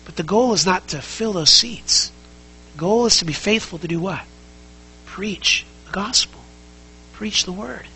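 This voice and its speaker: Sex: man. Style: sermon. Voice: high and bright. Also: measured pace, long pauses, faint music behind, rough recording. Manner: conversational, full of rhetorical questions; emphatic, repeats key phrases. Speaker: pastor.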